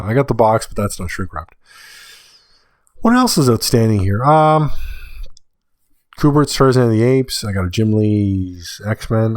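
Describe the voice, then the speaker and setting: A man's voice: on the low side, darkish tone, no room sound. Tired male podcast host reading prices. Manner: reads sale prices in a list, with dry asides. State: tired, late-night. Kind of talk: solo podcast monologue.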